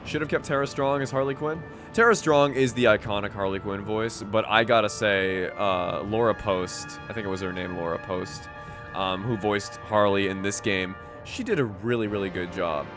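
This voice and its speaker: A man's voice: fairly low pitch, steady tone, normal speed, music in the background. A young man chatting casually as a game streamer, rambling with lots of fillers. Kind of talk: casual gaming commentary.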